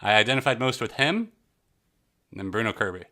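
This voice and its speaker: A man with a low, bright, forceful voice chats casually on a podcast. He rambles in a jokey way, trailing off and circling back mid-sentence. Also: lively intonation, a little fast. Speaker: podcast co-host. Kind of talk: casual chat.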